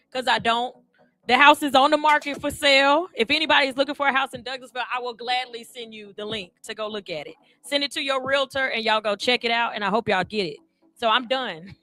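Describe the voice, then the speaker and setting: Bright-voiced woman radio host. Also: fairly high pitch. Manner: candid, chatty, addresses listeners directly. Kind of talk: candid personal talk-radio monologue. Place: radio studio.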